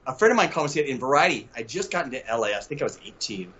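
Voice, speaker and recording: An older man from Mississippi, a guest telling lively stories over a video call and laughing often. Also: medium pitch, very fast, muffled recording. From Southern US, Mississippi. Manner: animated storyteller, laughs often.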